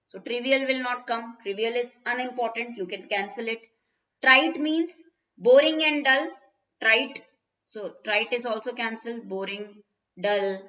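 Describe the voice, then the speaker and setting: Indian woman tutor, bright and fairly high, explaining vocab over dull lo-fi stream audio. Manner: explains word meanings step by step, mixing in Hindi. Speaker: English teacher. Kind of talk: live online exam-prep lesson. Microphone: phone.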